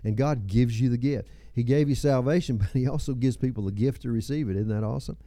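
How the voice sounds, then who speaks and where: A man's voice: mid-range voice, fast talker, warm tone, no room sound, studio quality. A man in his seventies preaching a sermon, with folksy storytelling, chuckles and personal asides. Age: 70s. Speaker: pastor.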